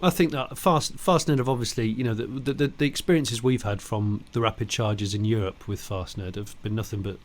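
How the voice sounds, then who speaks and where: A man's voice: lowish voice, brisk, few pauses. A man co-hosting a podcast, chatting casually and enthusiastically, with frequent fillers and restarts. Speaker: podcast co-host. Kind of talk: casual chat.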